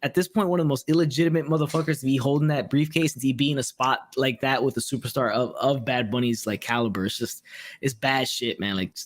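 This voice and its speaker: A man's voice: mid-range voice, quick pace. A man hosting a casual wrestling talk show, speaking bluntly with lots of swearing and reading out viewer comments. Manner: profane, blunt and laid-back, reads viewer comments. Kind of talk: casual podcast chat.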